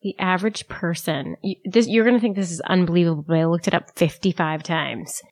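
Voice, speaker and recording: Podcast co-host, woman, giggly trivia sharer, slightly low voice. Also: a little fast, darkish tone. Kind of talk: casual chat.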